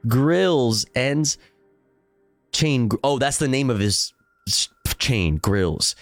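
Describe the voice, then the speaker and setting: A man's voice: mid-range voice, expressive, takes it slowly, no room sound, faint music behind. Profane sarcastic man riffing. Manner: profane, sarcastic, rambling with many fillers. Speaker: streamer reacting to videos. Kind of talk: casual reaction commentary.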